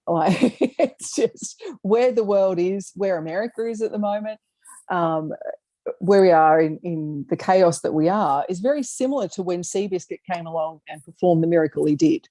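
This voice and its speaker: Aussie woman on zoom, mellow lowish voice, lots of ums, dry sound. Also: no echo. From Australia. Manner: enthusiastic, halting, laughs often. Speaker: co-host. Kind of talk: casual chat on a video call. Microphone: video call.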